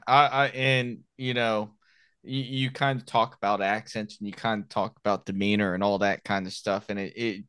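Smooth-voiced rambling man from Miami. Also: lowish voice, a bit bright, no echo, clean studio sound. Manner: rambling, repeats words as he thinks. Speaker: podcast host, former Marine. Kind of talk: casual podcast conversation.

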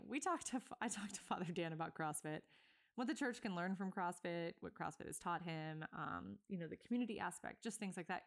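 A woman in her thirties from Virginia hosting a podcast, chatting loosely with many fillers and self-corrections, a little out of breath. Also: on the low side. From Virginia, USA. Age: 30s. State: a bit out of breath. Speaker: podcast host. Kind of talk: casual solo podcast intro.

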